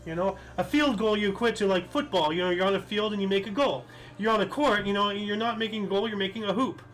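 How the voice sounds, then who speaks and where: A man's voice: high-pitched, fast, fairly bright tone, low-quality recording. A young man co-hosting a history podcast, reading dates with small stumbles and joking casually. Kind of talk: casual chat.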